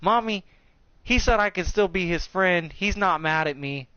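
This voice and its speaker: Guy putting on a chirpy little girl, a bit higher, slightly muffled sound. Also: normal speed, pushed and bright, clean tone, no room sound. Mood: relieved. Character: small sorry girl, eager to please.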